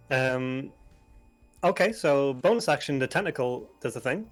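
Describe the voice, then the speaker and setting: A man playing in a tabletop game, joking in a dry, deadpan way. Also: mid-range voice, moderate pace, faint music behind. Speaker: player. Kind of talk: casual tabletop game chat.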